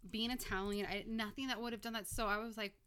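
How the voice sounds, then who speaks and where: A woman telling a story in casual chat, animated and swearing, quoting herself in lively bursts. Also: fairly high pitch, fast talker, smooth. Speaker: podcast guest storyteller.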